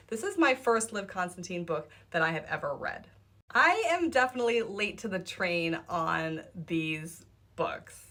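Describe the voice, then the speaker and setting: A woman's voice: medium pitch, a bit bright. Young woman book vlogger, casual and enthusiastic, piles on emphasis. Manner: enthusiastic and gushing, repeats herself for emphasis. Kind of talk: casual book review vlog.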